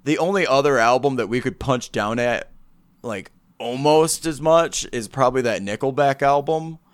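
A man's voice: mid-range voice, normal speed, clean tone, no echo. A man co-hosting a podcast, telling a story in casual, rambling chat full of swearing. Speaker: podcast co-host.

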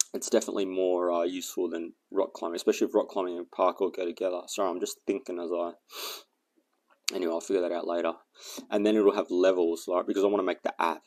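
A man's voice: flat delivery, quick pace, long pauses. A man telling a rambling story and thinking aloud about his plans in a casual vlog, with plenty of fillers. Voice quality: gravelly, low and dark. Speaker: fitness and survival vlogger.

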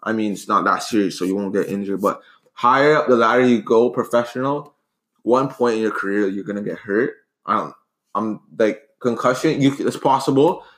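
A man's voice: lowish voice, brisk, fairly bright tone. A man arguing his side in a casual sports debate, earnest and rambling with frequent restarts. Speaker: debate co-host.

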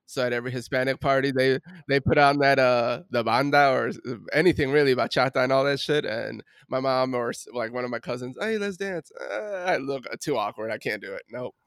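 A man's voice: mid-range voice, brisk, few pauses, fairly bright tone, clear, resonant tone, no room sound, clean studio sound. A man in casual podcast chat, laid-back and slangy, saying bro and dude a lot. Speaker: podcast co-host.

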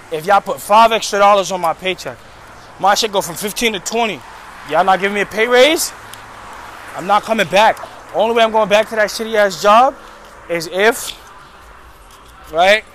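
The man's voice sits high and a bit bright, and there's a little hiss or hum from the handheld phone he's recording on. At night on a city street, he vents profanely to viewers about his work in a casual storytelling vlog.

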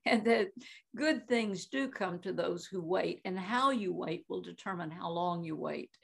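A woman's voice: lowish voice, unhurried, vocal fry, fairly bright tone, breathy edge. A woman in her eighties, a Christian minister and guest, telling stories in conversation with many fillers and frequent laughs. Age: 80s. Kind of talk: animated storytelling in conversation.

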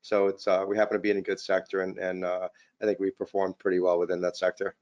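A middle-aged man, a podcast guest, tells anecdotes in a modest, easygoing way, leaning on "you know" and filler words. His voice is at a middling pitch, and the audio sounds slightly dull and lo-fi. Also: completely flat delivery, quick pace, darkish tone. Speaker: company CEO guest. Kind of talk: casual interview storytelling.

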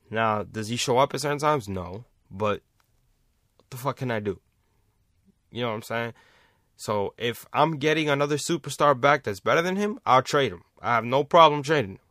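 A man's voice: mid-range voice, a bit bright, dry recording, clean studio sound. A man hosting a sports vlog, ranting casually with heavy swearing and repeating his points for emphasis. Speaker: sports commentator, vlog host.

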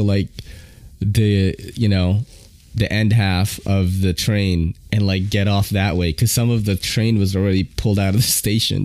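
A man, hosting and telling subway stories in a slangy, animated way, swearing freely. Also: no room sound, studio quality. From New York. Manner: animated, slangy, swears, jumps into high-pitched impressions. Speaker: podcast host. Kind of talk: casual storytelling.

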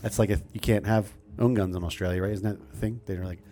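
A man's voice: on the low side, fairly even intonation, quick pace, dark tone. A man co-hosting a live radio podcast in casual chat, loose and profane, acting out other people's lines. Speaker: podcast co-host.

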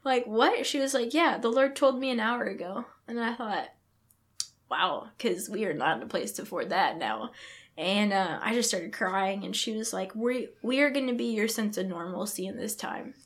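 A woman's voice: mid-range voice, expressive, normal speed. A young pregnant woman telling a heartfelt personal faith story as a podcast guest, acting out the words of others as she goes. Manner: earnest, reenacts her own thoughts and others' words. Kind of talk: emotional personal testimony.

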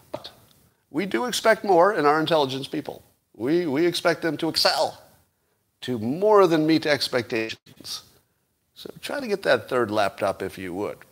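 A man voicing a demanding male Russian spy boss in a deliberately bad Russian accent, dry and mock-bureaucratic. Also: a little high, fairly bright tone, heavily acted. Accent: put-on bad Russian accent.

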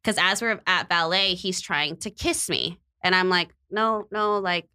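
Young woman, podcast co-host, lower pitch with a bright edge, animated storyteller. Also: moderate pace, clear, resonant tone. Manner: animated, acts out quotes, laughs often. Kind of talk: casual storytelling chat.

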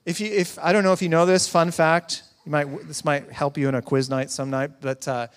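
A man's voice: on the high side, steady tone, a little fast, clean tone. Man preaching in a reverberant hall. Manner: conversational preaching with humor and asides to the congregation. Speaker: pastor. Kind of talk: sermon.

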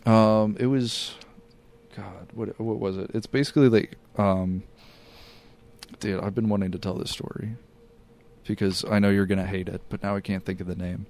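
A man's voice: fairly low pitch, steady tone, moderate pace, darkish tone. A man co-hosting a podcast in casual chat, telling stories loosely with lots of filler words and laughter. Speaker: podcast co-host.

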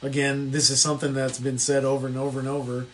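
A man co-hosting a casual political chat podcast, speaking in a measured way that hedges and repeats itself. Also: medium pitch, completely flat delivery, fairly bright tone, slight background noise. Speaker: podcast co-host.

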